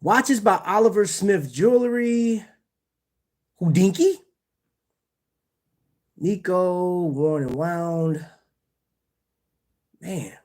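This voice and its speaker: A man's voice: high voice, extremely slow, pauses often, a little mellow. A man hosting a casual livestream about watches, talking in slang, laughing often and addressing his chat. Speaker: watch channel host.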